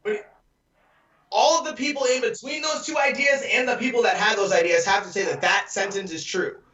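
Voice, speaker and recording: A man's voice: high-pitched, steady tone, fairly quick, bright, forceful tone. A man co-hosting a casual podcast, rambling with lots of fillers and laughs over a video call. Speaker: podcast co-host. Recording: echoey, distant, lo-fi video call audio.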